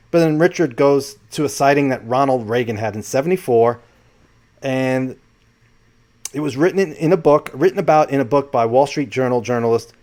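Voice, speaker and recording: Brief: male vlogger, mid-pitched voice, rambling casual commentary, self-corrects often. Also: darkish tone. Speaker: channel host.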